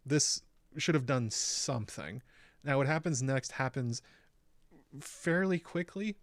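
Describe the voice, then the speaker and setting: A YouTube host with a medium-pitched voice casually breaks down an episode on his own channel, recapping the plot step by step. He speaks conversationally with frequent "um" fillers, and there's no echo.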